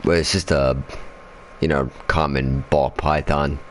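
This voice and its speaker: Gaming host, male, rumbling deep voice, loose profane storyteller who rambles with fillers. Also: level tone, measured pace, a little hiss or hum. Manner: swears constantly, rambling with fillers. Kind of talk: casual storytelling while playing a game.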